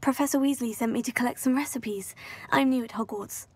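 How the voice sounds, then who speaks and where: A woman's voice: a little high, brisk, dry recording, close to an everyday voice. An actress voicing a polite, eager young female student newly arrived at a magic school in a video game.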